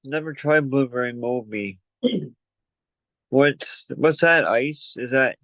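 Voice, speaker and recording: A man's voice: mid-range voice, slow pace, a bit bright, no echo. A man hosting a casual livestream, chatty and rambling, out of breath from running up and down stairs. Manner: rambling, chatty, plugging merch. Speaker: livestream host. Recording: dull lo-fi call audio.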